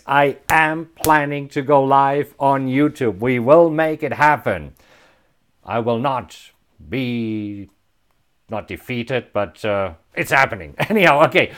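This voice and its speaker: Upbeat man with a German accent. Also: mid-range voice. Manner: upbeat, chuckles often, many filler uhs. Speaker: host. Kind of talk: live stream chat reading viewer comments.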